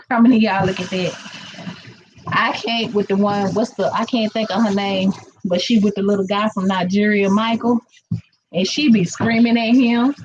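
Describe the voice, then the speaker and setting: A woman's voice: mid-range voice, lo-fi sound, slight background noise. A chatty woman, rambling casually to viewers while she cooks in her kitchen. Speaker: vlogger cooking live. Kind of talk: casual live-stream chat. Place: home kitchen.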